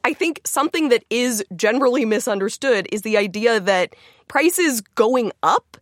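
A woman's voice: on the high side, expressive, moderate pace, no echo, clean studio sound. A woman in her twenties, a radio producer, telling a story in a chatty, casual way. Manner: chatty, storytelling, many "like" fillers. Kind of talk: casual studio conversation.

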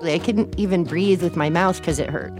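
A woman's voice: fairly low pitch, normal speed, over music. A woman from Texas, speaking as an interview guest, telling her own story in a casual, candid way.

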